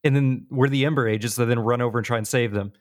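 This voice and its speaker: A man hosts a casual gaming podcast, speaking at a quick pace in a mid-range voice. He tells stories animatedly, mimics his friends, and peppers his casual talk with fillers like "like".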